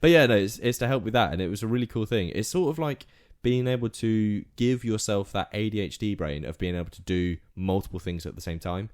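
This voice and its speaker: A rambling, easygoing man co-hosting a casual podcast, his voice sitting on the low side. He talks in loose, chatty bursts, breaking into laughter now and then. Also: fairly quick, hardly any pauses, darkish tone. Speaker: podcast co-host. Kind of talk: casual chat.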